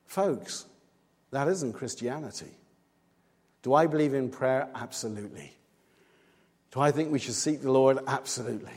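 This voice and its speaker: A man's voice: medium pitch, moderate pace, long pauses, a little mellow, husky. A man preaching a sermon in a church, earnest and emphatic, pressing hard on his key points. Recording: long reverb, hall-like.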